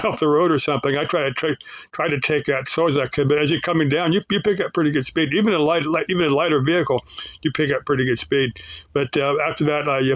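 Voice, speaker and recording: Folksy guy rambling to his viewers, keeps restarting, voice a bit on the high side. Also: low-quality recording. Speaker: YouTuber answering viewers. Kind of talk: casual off-the-cuff talk.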